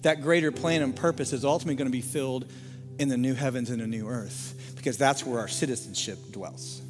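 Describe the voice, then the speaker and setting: A man, a lead pastor, preaching a sermon, swinging from hushed quiet passages to loud fervent appeals and sometimes singing a line. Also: mid-range voice, fairly quick, in a large hall, music in the background.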